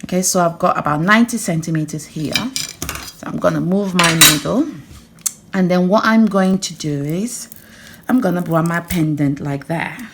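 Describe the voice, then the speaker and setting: A woman with a low voice talks her way through a beading project step by step. She mutters to herself as she threads, and now and then she breaks into excited laughter. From England. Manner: chatty, talks to herself while working, bursts into excited laughter. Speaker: jewellery designer. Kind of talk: casual beading tutorial.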